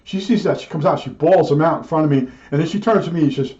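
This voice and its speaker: A man's voice: on the high side, quick pace, dark tone, dull audio. An older man telling a rambling personal anecdote, chatty and digressive, with many restarts and asides. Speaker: storyteller recalling old work days.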